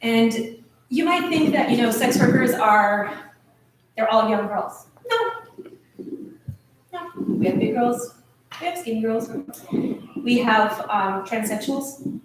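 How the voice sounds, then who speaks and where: A woman's voice: on the high side, lively intonation, takes it slowly, long pauses, far from the mic. Female speaker, nervous but earnest address to a meeting; very echoey room, recorded from afar with noise behind. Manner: earnest, nervous, with restarts and laughs. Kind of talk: emotional speech. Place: meeting hall.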